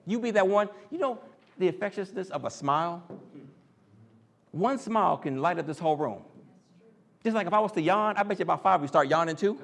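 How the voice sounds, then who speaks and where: A man preaches with lively, swooping pitch, acting out voices of complaining coworkers. His voice sits a little high for a man, and he keeps a casual, joking touch with the crowd. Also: a little fast, creaky, pauses often. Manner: animated, acts out quoted voices and jokes with the crowd. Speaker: speaker in a church teaching series. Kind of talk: sermon.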